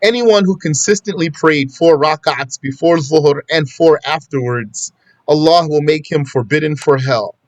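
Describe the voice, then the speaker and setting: An Islamic studies teacher gives a classroom lesson on prayer from a law text, explaining step by step and reciting Arabic quotations before translating them. He teaches conversationally with asides to students, in an unhurried voice on the high side, recorded dry.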